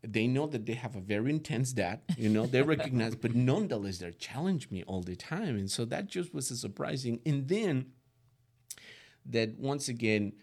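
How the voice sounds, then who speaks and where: A man's voice: mid-range voice, lively intonation, normal speed, a little mellow. A middle-aged man whose first language is not English, a guest chatting earnestly and rambling about raising his teenage sons, with many fillers and restarts. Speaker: guest, father of three teenage boys. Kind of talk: casual interview chat.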